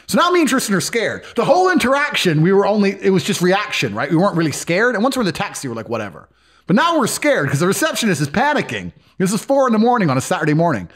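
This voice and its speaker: A man's voice: sits high, wildly swooping pitch, racing, hardly any pauses, fairly bright tone. A man telling a story in conversation, blunt, boastful and profane.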